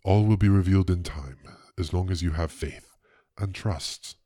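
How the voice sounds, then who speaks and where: A man's voice: sits low, moderate pace, warm tone, no echo, clean studio sound. A man putting on a menacing cult lord. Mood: ominous. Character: scheming cult leader lord, calm and menacing.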